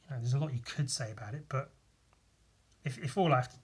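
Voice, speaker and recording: A man's voice: mid-range voice, quick pace, slightly rough. Congested, foul-mouthed man rambling. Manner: rambling, profane, self-mocking. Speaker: podcast host. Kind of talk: casual solo podcast monologue.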